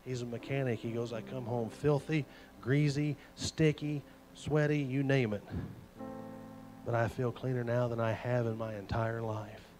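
A man's voice: mid-range voice, steady tone, measured pace, music in the background. A man, a youth pastor preaching an earnest, folksy sermon full of retold stories. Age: 40s.

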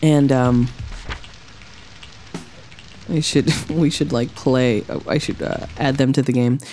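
A woman's voice: sits low, animated, takes it slowly, pauses often, dark tone. A woman streamer giving let's-play commentary, exclaiming and swearing at the game as she plays.

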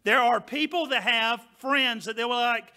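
A male pastor delivers a sermon in a high, very bright voice. He preaches loud and emphatic, stressing his points, then drops to softer asides to the congregation. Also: moderate pace.

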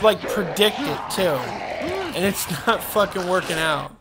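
A man giving let's-play gameplay commentary, frustrated and cursing with loud bursts of complaint. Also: high-pitched, very animated, slow, noisy background. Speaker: gamer.

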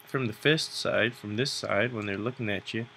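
A young man talks his way through a drawing lesson in a loose, rambling manner, drifting into jokes at his own expense. His voice sits a little low and has a gravelly, fried edge. A faint hiss of noise lies under it. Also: normal speed, bright, forceful tone. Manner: rambling, joking, self-mocking. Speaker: drawing tutorial host. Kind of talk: casual narration while drawing.

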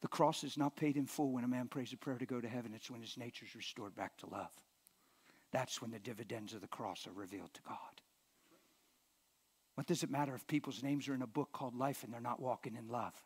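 A man's voice: medium pitch, fast, hardly any pauses, breathy edge. A male pastor preaching live in a church, with a mid-range voice. He preaches emphatically and sometimes drops to a near-whisper to stress a point. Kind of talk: live sermon.

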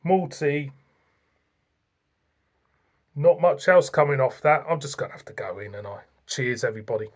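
A beer reviewer with an English accent, chatting casually through a video tasting in an unhurried way and repeating phrases. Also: mid-range voice, lively intonation.

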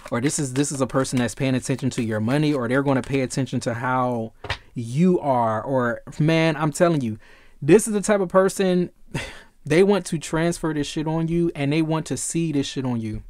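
A man's voice: medium pitch, normal speed, a little mellow, no room sound, clean studio sound. A man giving a casual tarot reading, emphatic and repetitive, swearing freely. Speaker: tarot reader.

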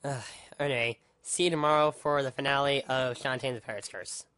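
Speaking a little fast in a steady, bright, forceful mid-range voice, a vlogger unloads an angry rant at the camera. He curses constantly and keeps tripping over himself with stammered restarts, captured in clean studio sound with no room noise.

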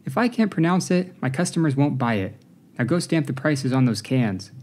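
A man's voice: medium pitch, animated, normal speed, darkish tone, lightly acted. A man voicing a stern immigrant mother in her late forties who runs a grocery store, firm and commanding.

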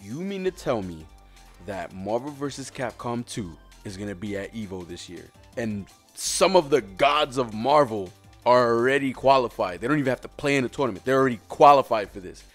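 A young man excitedly reacting to gaming news in a profane, hyped rant from home at night. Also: mid-range voice, moderate pace, soft background music. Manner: hyped, profane, shouting and laughing. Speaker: gaming vlogger.

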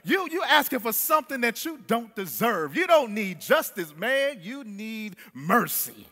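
A man's voice: very high voice, sing-song, measured pace, bright, forceful tone, long reverb tail, soft background music, voice pushed up, heavily acted. A preacher voicing a blunt, teasing male street painter. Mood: scolding.

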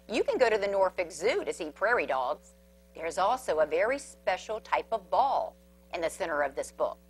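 Reading to kids from a picture book, a lowish-voiced woman storyteller performs with animation, tossing in sound effects and side comments about the illustrations.

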